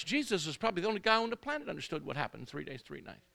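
High, gravelly, animated preacher man. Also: very fast, hardly any pauses. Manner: exhorting call-and-response, swings from shouting to quiet storytelling; rambling asides, acts out quoted speakers. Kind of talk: sermon.

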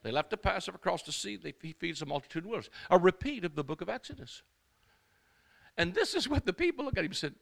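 A man preaching a sermon to a church congregation. He exhorts the crowd with call-and-response, moves between shouting and quiet storytelling, and wanders into asides. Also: high voice, very animated, a little fast, creaky, pauses often. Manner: rambling asides, acts out quoted speakers.

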